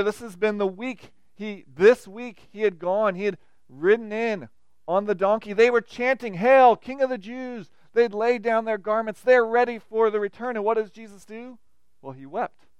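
A man preaching a sermon as pastor, animated and acting out the reactions of the people he quotes. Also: high voice, clear, resonant tone, dry recording.

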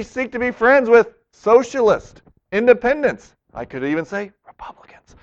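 A man preaching a sermon as a pastor, earnest, acting out the voices he quotes. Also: sits high. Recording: dull lo-fi recording.

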